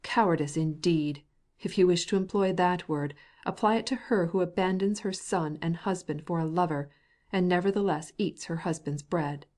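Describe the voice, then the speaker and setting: A woman's voice: normal speed, a little mellow, natural voice. A woman voicing a stern, cold middle-aged husband with a piping voice who speaks angrily and stammers when upset. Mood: angry. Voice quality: piping, high-strung.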